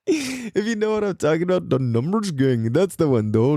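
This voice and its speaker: A man hosts a podcast and rambles through a story, full of slang, fillers and swearing. His pitch jumps around a lot, while his tone stays mellow. The sound is close and dry. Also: very animated, unhurried, long pauses, dry recording. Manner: mimics people in quoted voices. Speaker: podcast host. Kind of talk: casual storytelling.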